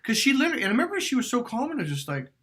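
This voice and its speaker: Animated, emphatic male dating coach. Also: very high voice, racing. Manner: emphatic, swears, acts out quotes loudly.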